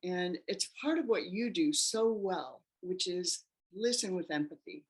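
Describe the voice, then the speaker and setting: A woman guest in an interview telling her personal story in an animated way, acting out the voices of the people in it. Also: lowish voice, unhurried. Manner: animated, acts out quoted voices.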